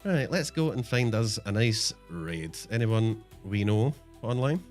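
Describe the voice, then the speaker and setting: A man's voice: lowish voice, lively intonation, a little slow, soft background music. A man streaming a game, chatting casually and self-mockingly to viewers, swearing often. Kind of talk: casual live-stream chat.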